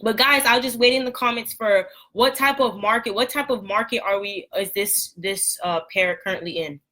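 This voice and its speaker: A young woman with a scratchy throat teaching trading basics on a live stream, chatty and apologetic, clearing her throat often. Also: medium pitch, normal speed, pushed and bright. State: hoarse, throat irritated after a run. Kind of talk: casual live lesson.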